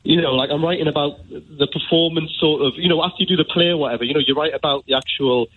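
A man's voice: a little high, steady tone, quick pace, slight background noise. A man from Newcastle with a Geordie accent, calling in to a radio show and telling a heartfelt story in a rambling way, full of "you know". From Newcastle, England. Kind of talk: emotional phone-in storytelling. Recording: tinny phone line on radio.

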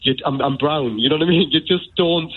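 A man's voice: on the high side, a little fast, slight background noise. A man from Newcastle with a Geordie accent, calling in to a radio show and telling a heartfelt story in a rambling way, full of "you know". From Newcastle, England. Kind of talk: emotional phone-in storytelling. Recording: tinny phone line on radio.

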